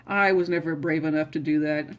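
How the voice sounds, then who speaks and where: A woman's voice: low-pitched, steady tone, brisk. A middle-aged woman casually telling family stories, rambling and often restarting her sentences. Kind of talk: casual personal storytelling.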